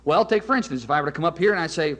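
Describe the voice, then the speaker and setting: High-ish guy preaching, stressing phrases, slowing down to hammer points home. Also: lively intonation, fairly bright tone. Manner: emphatic, repeats key phrases slowly. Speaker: evangelist preacher. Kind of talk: sermon.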